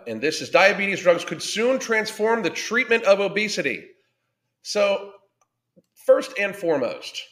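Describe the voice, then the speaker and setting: A man's voice: a little high, a bit bright. A man hosting a livestream as a weight-loss coach, talking casually and bluntly with constant swearing, and greeting his viewers by name. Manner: blunt and heavily profane.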